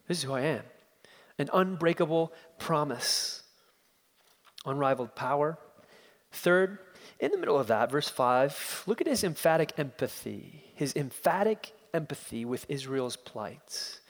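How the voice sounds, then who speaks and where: A preacher with a strikingly high voice gives an expository sermon, building emphatic, repeated phrases to drive his points home. He sounds expressive and unhurried, and a long reverb makes it feel like he's in a church sanctuary.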